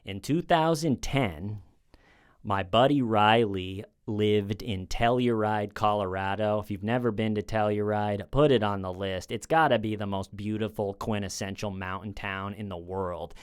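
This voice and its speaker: Speaking a little slowly in a fairly low, clean voice, a man in his thirties who does comedy tells a rambling true-crime story at home. He restarts his sentences a lot and acts out the quoted characters.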